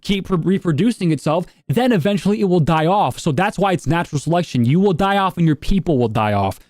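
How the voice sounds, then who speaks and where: A man's voice: high voice, animated, quick pace, darkish tone, no echo, studio quality. A man streaming live and reacting to videos in blunt, profane, rambling casual commentary.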